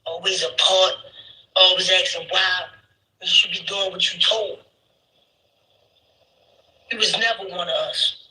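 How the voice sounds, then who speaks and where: A man's voice: high voice, steady tone, unhurried, pauses often, pushed and bright, roomy sound, distant mic, exaggerated voice, rough recording. An actor playing a hard young man who bluntly accuses a crew member, in street talk. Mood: accusing.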